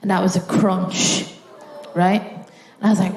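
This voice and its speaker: Irish female comic, live on stage, lively storyteller, roomy hall sound. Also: mid-range voice, measured pace, a little hiss or hum. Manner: animated storytelling with acted-out voices. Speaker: stand-up comedian. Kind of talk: live stand-up set. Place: theatre stage before a live audience.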